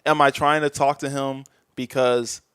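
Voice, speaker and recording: A man's voice: medium pitch, level tone, unhurried, fairly bright tone, smooth, no echo. A man talking candidly as a podcast guest in a casual chat, reflective and often trailing off mid-thought.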